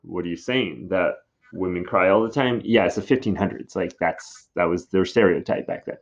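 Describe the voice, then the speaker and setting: A man's voice: sits low, normal speed, muffled recording. A man teaching in a casual classroom style, chatty and full of fillers as he explains a play.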